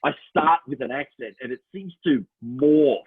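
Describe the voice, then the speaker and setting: A man's voice: mid-range voice, normal speed, husky. A middle-aged man with an Australian accent, co-hosting a casual chat and telling stories with lots of laughs and little voices. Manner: animated storyteller, laughs often, slips into voices. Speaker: podcast co-host. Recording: tinny phone-line sound.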